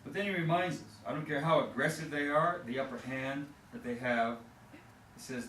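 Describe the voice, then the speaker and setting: A male pastor preaches in a roomy church sanctuary, heard from some distance from the microphone, with steady background noise in the recording. He talks to his congregation casually, with frequent "uh"s and restarts. He slows down and lifts his voice when he reads scripture. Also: medium pitch. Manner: conversational preaching, many fillers and restarts, checks in with "okay?"; reads scripture in a slower, raised voice. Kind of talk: sermon. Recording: echoey church sanctuary, mic at a distance, noisy.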